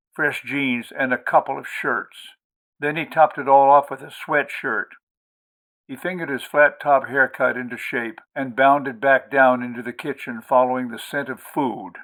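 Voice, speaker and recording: Bright-voiced male audiobook narrator. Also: mid-range voice, steady tone, a little slow. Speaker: audiobook reader, host.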